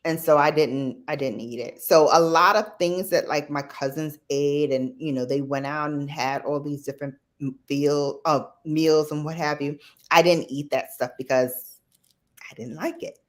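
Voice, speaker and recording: A woman with a low, even voice chats casually as a guest on a live stream. She tells her stories in a loose, reflective way, full of fillers and asides. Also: moderate pace. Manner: rambling, reflective storytelling with fillers.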